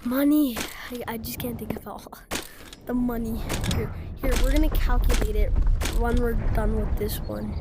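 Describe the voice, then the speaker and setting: A woman giving casual gameplay commentary, chatting to her viewers and swinging between low mumbles and excited outbursts. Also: normal speed, very noisy. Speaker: gamer.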